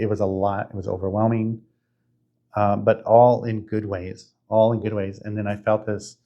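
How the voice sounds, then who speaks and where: A man in his fifties hosting a podcast, telling a spiritual story in an earnest, halting way with many restarts. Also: lowish voice, a little mellow, lo-fi sound. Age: 50s. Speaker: podcast host.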